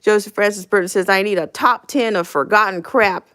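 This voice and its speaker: A woman's voice: mid-range voice, a little fast, a bit bright. A woman in her fifties hosting a casual live stream, reading viewer comments aloud, chuckling often and repeating phrases for emphasis. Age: 50s.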